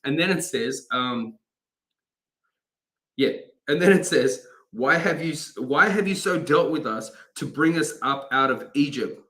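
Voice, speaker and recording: A man's voice: mid-range voice, expressive, measured pace, bright, forceful tone. A man, a chaplain, giving an informal daily devotional talk, reading scripture and breaking off with self-corrections and asides.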